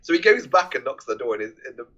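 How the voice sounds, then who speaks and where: A man co-hosting a film podcast, retelling scenes in a lively way and acting out the lines with frequent laughs. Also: mid-range voice, fast talker. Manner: animated retelling, acts out scenes, laughs often. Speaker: podcast co-host. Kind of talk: casual film chat. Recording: dull lo-fi mic recording.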